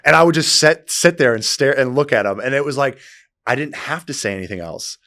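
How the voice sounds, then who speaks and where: A man hosting a podcast, telling stories in a casual, animated way with lots of fillers. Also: medium pitch, brisk, no echo, clean studio sound. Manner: animated storyteller, many fillers. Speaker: podcast host.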